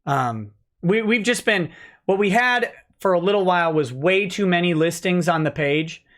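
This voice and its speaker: A man's voice: high voice, expressive, moderate pace, a bit bright. A man hosting a casual livestream, joking and rambling while reading out chat messages. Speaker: livestream host, lawyer.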